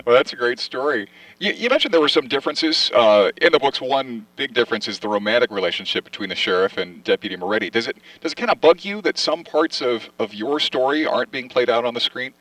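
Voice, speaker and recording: Lively male interviewer, distant on mic. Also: mid-range voice, quick pace, dry recording. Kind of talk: radio interview questions. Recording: distant, dry mic sound.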